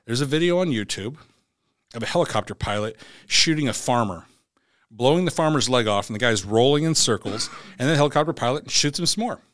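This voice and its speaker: A man's voice: mid-range voice, fairly quick, no echo, clean studio sound. A man, a former Navy SEAL, telling war and court stories bluntly in a podcast conversation, acting out the other voices in quotes. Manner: blunt, animated, acts out dialogue in quotes. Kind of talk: candid conversational storytelling.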